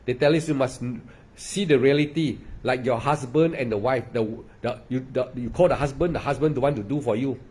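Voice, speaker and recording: A man with a husky, darkish, mid-range voice gives a meditation dharma talk at a fairly quick pace. As a meditation teacher, he is emphatic and repetitive, sprinkling in "ah" and "lah" often.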